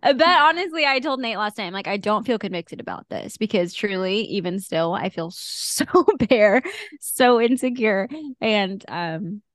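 On a faith podcast, a female co-host chats casually in an earnest, confessional way, dropping fillers and small laughs. Her medium-pitched voice is animated and unhurried. The sound is clean studio quality with no room sound.

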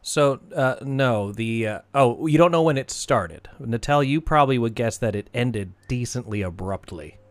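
A man's voice: mid-range voice, expressive, moderate pace, hardly any pauses, dry recording. A man narrating as game master of a tabletop game, talking loosely with many fillers. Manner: loose, rambling, lots of fillers.

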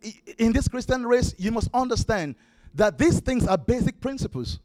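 A man's voice: very high voice, animated, normal speed, darkish tone, dry recording. A man preaching a sermon, exhorting his congregation with repeated commands and breaking into worship singing. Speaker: pastor. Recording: dry close mic with worship music behind.

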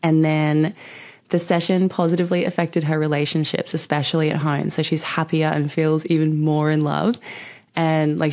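Chatty, excitable woman telling a story. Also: low voice, normal speed, vocal fry. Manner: chatty and excitable, heavy use of filler "like", frequent swearing. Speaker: podcast host and Reiki practitioner. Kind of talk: casual storytelling podcast.

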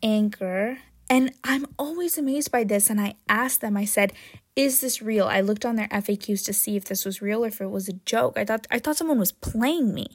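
A woman hosting her own podcast in a casual, jokey chat, often tagging "right?" and "um", with sudden excited jumps in pitch and loudness. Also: normal speed, dry recording, studio quality. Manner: chatty and jokey, with frequent "right?" and "um". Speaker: podcast host.

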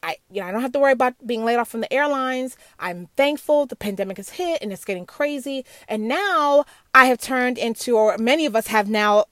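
A woman's voice: fairly high pitch, animated, fairly quick, hardly any pauses, fairly bright tone, no room sound. A middle-aged woman sharing a candid, earnest personal reflection on faith, emotional and full of restarts and asides.

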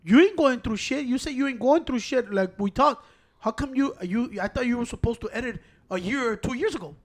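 Fast-talking high-voiced man. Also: expressive. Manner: blunt, profane, says güey constantly. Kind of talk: casual chat, mixing Spanish and English.

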